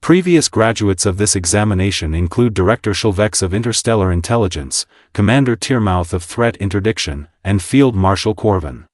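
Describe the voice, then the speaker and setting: Man, scripted story narration, sardonic, low pitch, dry studio sound. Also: expressive, a little fast, few pauses, dry recording. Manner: wry, sardonic delivery.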